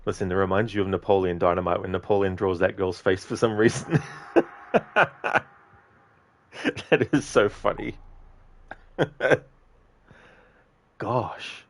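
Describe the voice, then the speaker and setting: A man's voice: sits low, normal speed, pauses often, no room sound. A man streaming a video game, chatting casually with viewers, reading their names and laughing often. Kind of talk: casual livestream chat while gaming.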